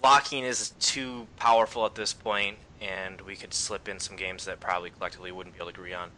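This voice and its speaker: A man hosting a casual podcast discussion, relaxed, leading the talk with frequent ums. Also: low voice, fairly quick, a little hiss or hum. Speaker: podcast host.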